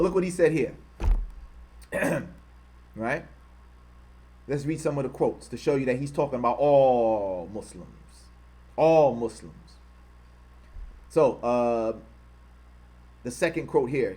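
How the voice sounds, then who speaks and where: A channel host with a husky, darkish, medium-pitched voice reads out quotes in heated commentary. He angrily insults his target and repeats himself for emphasis, while saying he is trying to control his harsh speech.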